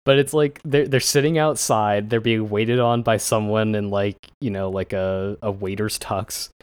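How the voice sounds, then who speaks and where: A man co-hosting a casual anime podcast, rambling with frequent laughs and acting out lines in a higher voice. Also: fairly even intonation, moderate pace, clear, resonant tone, no echo, clean studio sound. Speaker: podcast co-host.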